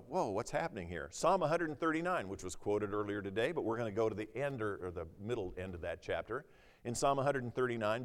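A man with a fairly low voice delivers a sermon. He speaks conversationally and puts questions to his listeners. When he reads scripture aloud, his intensity rises. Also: big-room sound. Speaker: preacher.

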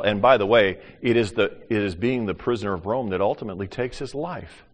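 An older man preaching a sermon as pastor, animated, acting out little voices and swinging from loud to hushed. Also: on the low side, fairly quick, hardly any pauses. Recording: long hall reverb.

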